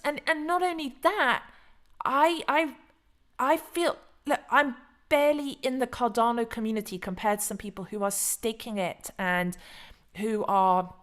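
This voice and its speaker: A woman hosting a casual crypto commentary stream, chatty, frank and excitable. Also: mid-range voice. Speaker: crypto channel host.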